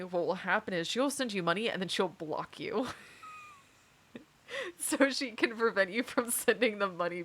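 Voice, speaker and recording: A woman with a lowish voice and a fairly bright tone chats casually while gaming. She tells stories in a chatty, giggly way.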